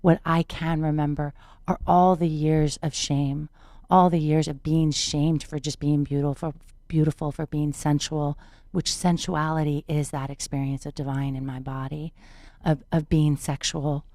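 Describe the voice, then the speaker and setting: A woman's voice: low voice, little pitch movement, measured pace, mellow, no echo, clean studio sound. A woman guest on a podcast interview, earnestly telling a personal story and repeating words for emphasis. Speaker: podcast guest, spiritual teacher.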